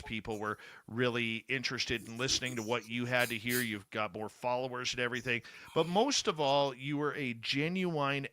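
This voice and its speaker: A man's voice: mid-range voice, bright, forceful tone, smooth. A man hosting a casual radio interview, speaking in an effusive, emphatic way. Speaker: radio show host.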